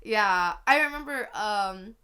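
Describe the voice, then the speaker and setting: A woman's voice: medium pitch, expressive, slow, bright, forceful tone. Young woman with a slight lisp, chatty. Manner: chatty, many fillers, laughs easily. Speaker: podcast co-host. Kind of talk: casual chat.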